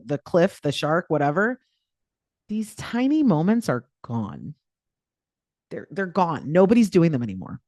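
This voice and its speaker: A woman's voice: on the low side, dry recording, clean studio sound. A woman life coach giving a live online coaching talk in a chatty, playful way, with lots of filler words.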